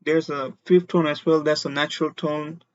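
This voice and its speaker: A man teaching a beginner Mandarin lesson, explaining slowly and deliberately and having learners repeat syllables after him. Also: on the high side, little pitch movement, dry recording, muffled recording. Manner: slow, deliberate explanations with demonstrated tones.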